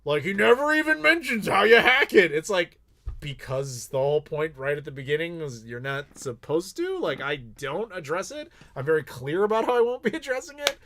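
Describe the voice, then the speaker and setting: Candid, outspoken man with a higher voice. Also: normal speed. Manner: candid, blunt, swears freely, animated storytelling. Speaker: YouTuber host. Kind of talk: casual live Q&A chat.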